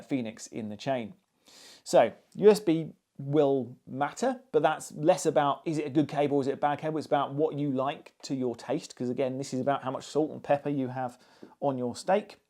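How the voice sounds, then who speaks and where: A man's voice: mid-range voice, warm tone. A man reviewing hi-fi gear in a chatty, musing way, with frequent ums and asides. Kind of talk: casual spoken product review.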